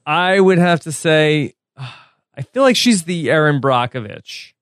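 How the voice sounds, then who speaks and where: A man's voice: on the high side, expressive, slow pace, clean tone, no echo, clean studio sound. A man hosting a casual podcast chat, giving short replies and joking asides. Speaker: podcast host.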